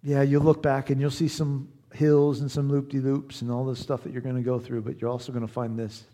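A man's voice: medium pitch, level tone, a little fast, warm tone. A man from Southern Indiana preaching a sermon as pastor, conversational, earnest and encouraging.

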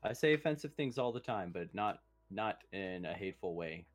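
A man's voice: deep voice, lively intonation, normal speed. A young man with a slight lisp co-hosting a podcast, rambling in crass, self-deprecating banter. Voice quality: slight lisp without retainers. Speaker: podcast co-host. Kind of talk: casual podcast chat.

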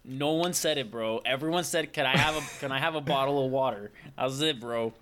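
A man's voice: mid-range voice, brisk, fairly bright tone. A man co-hosting a podcast, chatting in a laid-back, teasing way with friends. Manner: laid-back, teasing, says "dude" and "bro" a lot. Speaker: podcast co-host. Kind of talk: casual chat among friends.

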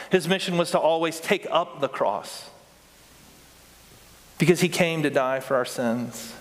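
A man pastor preaching a sermon to a congregation, earnest and building through repetition. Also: fairly high pitch. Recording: long hall reverb.

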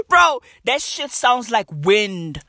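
Slow, animated woman. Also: fairly high pitch, no echo, studio quality. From South Africa. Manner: profane, slangy, repeats "right?" and "bruv". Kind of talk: comedic rant.

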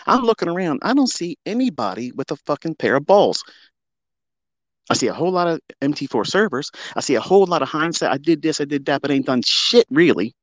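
A man's voice: very animated, brisk, dry recording. Brash, profane man ranting. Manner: swings from loud outbursts to low muttering. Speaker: trading livestream host. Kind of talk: ranting livestream talk.

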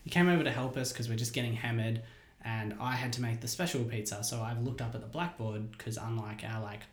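Young male host, casual anecdote teller, lively, in an echoey room. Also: medium pitch, brisk. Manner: animated, laughs often, acts out dialogue. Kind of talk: casual storytelling chat. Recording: roomy echo.

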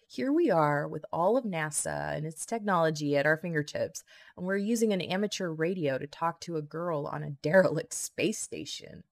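Dry, matter-of-fact woman official, read by a woman, low and gravelly. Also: moderate pace, few pauses, dry recording. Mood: wry. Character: wry, hard-drinking woman official.

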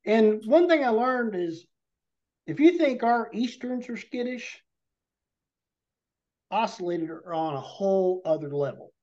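A man's voice: high voice, lively intonation, a little slow, long pauses, mellow. Man telling a long hunting story. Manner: rambling hunting tale told with vivid detail. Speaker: podcast guest. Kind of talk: casual storytelling. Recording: dull lo-fi podcast audio.

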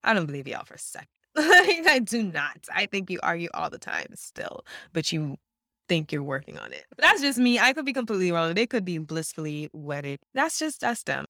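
A woman co-hosting a reality TV recap podcast, talking in blunt, animated casual chat with frequent laughs and swearing. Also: low-pitched, normal speed, vocal fry, dry recording, clean studio sound. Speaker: podcast co-host.

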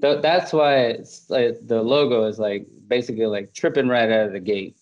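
A man hosting a podcast, telling a funny story in casual chat, laughing and jumping up in pitch to imitate others. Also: normal speed, a little mellow, highs cut off, slight background noise. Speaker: podcast host.

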